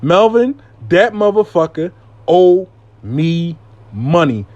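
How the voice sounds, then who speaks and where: A woman's voice: low-pitched, lively intonation, moderate pace, darkish tone, lo-fi sound. A man voicing a woman client who is blunt and vengeful, insisting on payback and swearing freely, as a quote in a storytime. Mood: insistent. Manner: insistent, profane, repeats his name.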